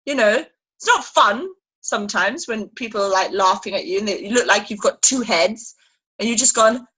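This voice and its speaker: A woman leading a sales team through a motivational training talk on a video call, animated and emphatic, acting out little scenes as she speaks. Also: mid-range voice, normal speed, slightly rough, poor audio.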